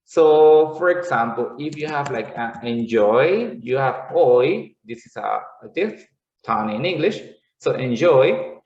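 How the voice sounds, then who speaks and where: Man teaching, slow, echoey room. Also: medium pitch, animated, a little mellow. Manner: explains slowly, repeats words, checks in with "okay". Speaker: English teacher. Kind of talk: classroom lesson. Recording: echoey room, dull lo-fi sound.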